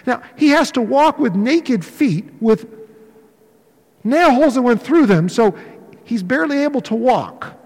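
High-voiced animated preacher in a hall. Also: male voice, normal speed. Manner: animated, acts out voices of disciples. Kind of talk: sermon. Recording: long reverb of a large hall.

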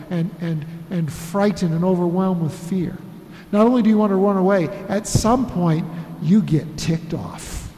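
A man preaching a sermon as pastor, emphatic, repeating phrases and slowing for weight. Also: sits high, a little mellow. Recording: echoey hall with long reverb.

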